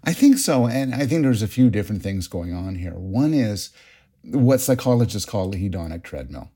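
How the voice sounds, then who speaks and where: A middle-aged man, a psychologist guest, explaining ideas in an animated, storytelling way with frequent restarts. His voice sits low, with a mellow, husky tone. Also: normal speed. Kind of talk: interview.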